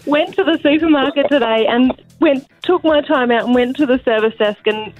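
A woman's voice: high voice, moderate pace, phone-quality sound, faint music behind. A woman calling in to a radio show, chatty and a little defensive. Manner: chatty, defensive, laughing easily. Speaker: caller. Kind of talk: casual phone-in chat.

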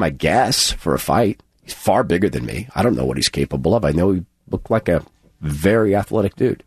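An earnest male radio host tells a story in a halting, heartfelt way, voicing each person in it. His voice is lowish and a little husky, and its pitch swings widely. The sound is dry and close. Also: no echo. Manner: earnest, halting, acts out dialogue.

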